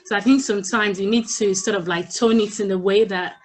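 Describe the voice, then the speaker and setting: A woman's voice: mid-range voice, fairly even intonation, a little fast, darkish tone, poor audio. Hesitant woman participant on a call. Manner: hesitant, many fillers like "you know". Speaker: workshop participant. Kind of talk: casual comment on a call.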